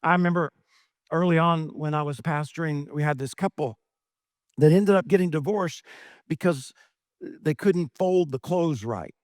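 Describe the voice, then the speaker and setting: A man's voice: on the high side, normal speed, darkish tone, dry recording, studio quality. A middle-aged male pastor preaching a sermon, asking rhetorical questions and often adding "right?".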